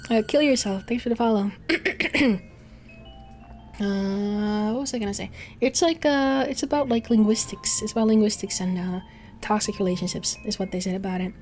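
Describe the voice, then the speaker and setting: A woman's voice: medium pitch, moderate pace, darkish tone, faint music behind. A woman VTuber chatting casually on a livestream, rambling and swearing often, laughing between thoughts. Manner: rambling, profane, frequent laughs. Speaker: VTuber streamer.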